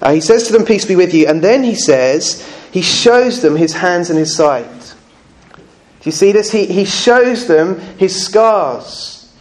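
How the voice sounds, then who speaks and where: A man preaching a sermon at a church service, earnest and conversational, with slow emphatic phrases and touches of humour. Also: high-pitched, lively intonation.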